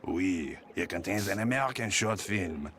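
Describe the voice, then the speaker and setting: A man's voice: low voice, animated, normal speed. An actor voicing a persuasive male flea market dealer with a French accent, in video game dialogue. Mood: salesy. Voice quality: salesman patter, courtly and persuasive. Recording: noisy game audio.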